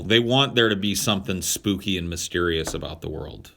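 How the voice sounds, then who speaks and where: A man with a low, bright, forceful voice, talking casually and irreverently. He rambles with lots of fillers and plenty of swearing. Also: fast talker, vocal fry, a little hiss or hum. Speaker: podcast co-host. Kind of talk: casual chat.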